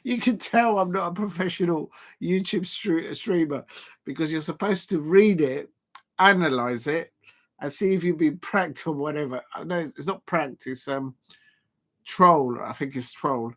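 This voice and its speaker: Brief: male stream host, fairly high voice, rambling self-deprecating live match commentary. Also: fairly bright tone. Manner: chatty and rambling, self-deprecating, with frequent filler pauses. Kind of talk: casual live snooker commentary.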